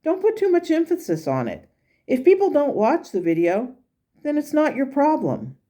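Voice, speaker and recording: A woman's voice: high-pitched, wildly swooping pitch, normal speed, dark tone, pitched above the performer's own voice. A woman voicing a blunt but caring spirit guide as she reads its messages aloud. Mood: encouraging. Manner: blunt, encouraging, exasperated at times. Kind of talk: reading channeled messages aloud.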